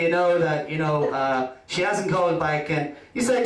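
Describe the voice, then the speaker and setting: A man's voice: high voice, expressive, normal speed, few pauses, fairly bright tone. A man with an Irish accent doing a rambling stand-up routine full of "you know" asides. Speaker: stand-up comedian. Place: comedy club stage. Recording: echoey club from a distant mic.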